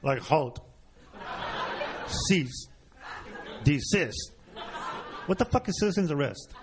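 A man's voice: on the high side, lively intonation, slow pace. Brash, profane stand-up comic man. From Mexican-American. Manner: profane, brash punchline delivery. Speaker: stand-up comedian. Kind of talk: stand-up comedy set. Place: comedy club stage before a live audience. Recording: live club recording with audience noise.

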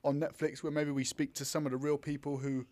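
A man co-hosting a casual film review chat, rambling with halting restarts and blunt swearing. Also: fairly high pitch, flat delivery, warm tone. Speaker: podcast co-host.

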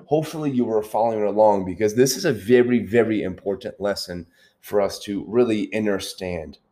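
A man's voice: on the low side, fairly quick, warm tone. A man hosting a motivational self-help podcast, speaking earnestly, repeating key points and checking in with the listener. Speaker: podcast host.

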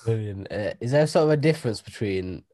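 Male interviewer, deep voice, quick delivery, loose rambling questions. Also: animated, dark tone.

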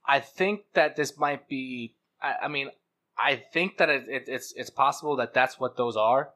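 A man's voice: mid-range voice, moderate pace, pushed and bright. A man co-hosting a casual podcast, rambling through stories with many restarts and hesitations. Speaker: podcast co-host.

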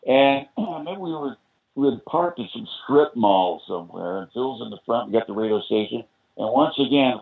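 This guest musician, an older man from the US, talks briskly in a mid-range voice that's slightly rough and marked by vocal fry. He tells sprawling anecdotes on a podcast, sprinkled with plenty of "you know"s, over a tinny phone line.

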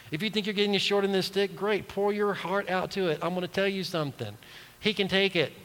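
A male pastor delivering a sermon in a fairly high voice, swinging from urgent, emphatic appeals to soft, quiet asides. His words ring out with a long reverb from a large hall. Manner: earnest, rises to emphatic calls then drops to soft asides.

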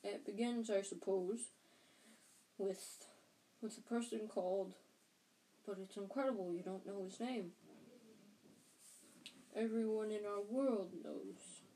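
A woman doing a low, worried giant of a man. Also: steady tone, slow pace, pauses often, dark tone, a little hiss or hum, lightly acted, low-quality recording. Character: huge gentle male groundskeeper, worried, grave.

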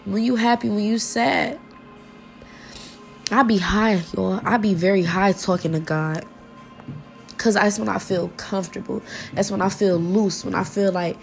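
A woman's voice: mid-range voice, vocal fry. A young woman, talking to her viewers in a personal vlog, heartfelt and informal, often repeating herself as she searches for words, close to tears at times.

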